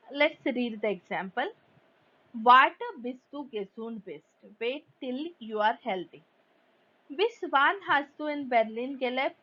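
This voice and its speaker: Woman teaching German grammar, lo-fi. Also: sits high. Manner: reads German examples, then explains slowly in English. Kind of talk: grammar lesson explanation. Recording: dull lo-fi recording.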